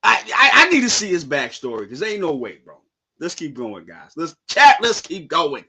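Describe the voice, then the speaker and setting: A young man on a live reaction stream, talking in slang and breaking into shouted outbursts. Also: fairly high pitch, big pitch swings, moderate pace, husky. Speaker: streamer reacting to a manga chapter.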